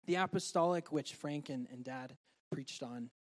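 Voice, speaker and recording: A man preaching a sermon and sharing a personal testimony, earnest and heartfelt, moving between loud and soft delivery. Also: on the high side, normal speed.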